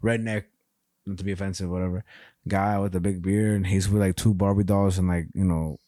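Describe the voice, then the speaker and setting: A man co-hosting a podcast, chatting casually and telling stories in a loose, profane, animated way. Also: deep voice, a little fast, no room sound, clean studio sound. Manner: animated, profane storytelling with frequent laughs. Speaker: podcast co-host. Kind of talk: casual chat.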